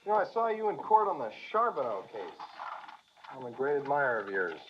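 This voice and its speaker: Guarded young politician guy, played by a man, measured, noisy muffled film sound. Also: mid-range voice, sing-song, natural voice. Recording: dull film audio with background noise.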